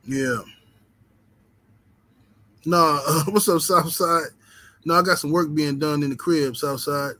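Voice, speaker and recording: Dude, chillin on a boxing stream, cussin, lots of "you know what im sayin". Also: male voice, fairly high pitch, slow, pauses often, sharp tone, dry recording, rough recording. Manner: laid-back, profane street talk with lots of "you know what I'm saying". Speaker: boxing channel host. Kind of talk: casual livestream chat reading the super chat.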